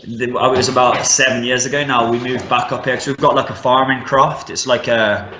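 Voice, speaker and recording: A young MMA fighter with a Midlands English accent talks casually as a guest in a podcast interview, speaking from a rural home in northern Scotland. His medium-pitched voice is steady and brisk, laid-back and full of fillers. The room is echoey, with background noise and dull lo-fi sound.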